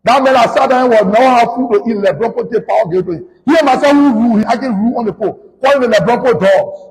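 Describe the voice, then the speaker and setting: A man's voice: very high-pitched, fast. Fiery Liberian man ranting in a reverberant space. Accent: Liberian English. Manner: loud, combative, accusing, swings between shouting and muttering. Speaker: politician. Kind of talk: fiery political rant.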